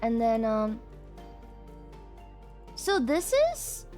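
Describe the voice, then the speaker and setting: A young woman streaming a casual live reaction, excitable, swearing and thinking aloud. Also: on the high side, drawn-out words, over music.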